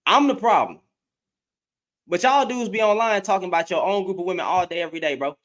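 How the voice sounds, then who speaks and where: A man giving heated reaction commentary as an online commentator, animated and profane, repeating himself and laughing often. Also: sits high, rapid-fire. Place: in Dallas, Texas.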